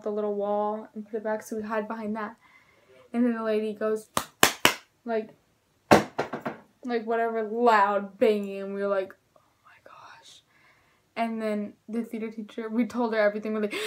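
A teenage girl vlogger telling a storytime in a chatty, excitable way, full of "like". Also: a little high. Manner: chatty, filler-heavy with "like", excitable. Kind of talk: storytime vlog.

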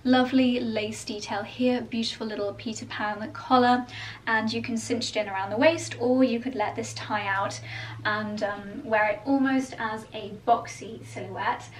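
A woman vlogger gushes through a clothing try-on, chatty and effusive, her voice sitting a touch high. She is picked up from across an echoey room, with a faint hiss underneath. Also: steady tone, moderate pace. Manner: gushing, effusive praise; chatty and lightly laughing. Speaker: fashion vlogger. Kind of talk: try-on haul chat. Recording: roomy echo, distant mic, faint hiss.

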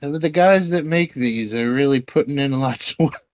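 A man's voice: medium pitch, normal speed, no echo, dull audio. A man co-hosting a podcast, trading sarcastic, profane banter in casual chat. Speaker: podcast co-host.

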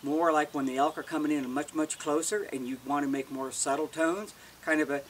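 A man's voice: on the high side, steady tone, a little fast. Guy showing how to do elk calls, easygoing folksy talk, kinda far from the mic with some background hiss. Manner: plain-spoken, folksy, restarts words often. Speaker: elk calling instructor. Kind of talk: casual how-to demonstration.

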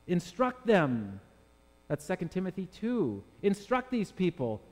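Male pastor, slightly high voice, emphatic sermon delivery, long reverb of a church hall. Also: wildly swooping pitch, measured pace, a little mellow. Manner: emphatic preaching, rhetorical questions to the congregation. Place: church sanctuary with congregation.

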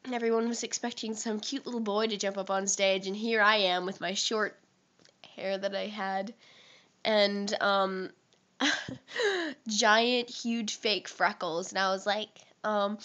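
A teenage girl who is sick and sounds rough, gushing and giggling in a rambling fan vlog recorded on her phone while sitting on a couch at home. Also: mid-range voice, a little slow, pushed and bright. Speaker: vlogger. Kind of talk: casual fan vlog to camera. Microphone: phone held close.

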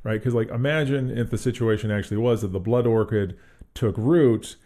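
A man's voice: lowish voice, normal speed, mellow. A man co-hosting a podcast, chatting casually about a tabletop adventure module and thinking aloud with frequent restarts. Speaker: podcast co-host. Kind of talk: casual tabletop game review chat.

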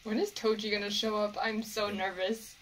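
A woman's voice: medium pitch, flat delivery, normal speed, fairly bright tone, poor audio. A woman doing anime reaction commentary as a YouTuber, talking back to the screen, swearing and pleading with the characters.

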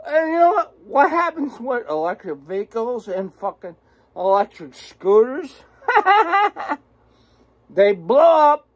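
A woman's voice: high voice, big pitch swings, slow pace, long pauses. A woman delivering a profane political rant as a vlogger, cursing, mocking and cackling.

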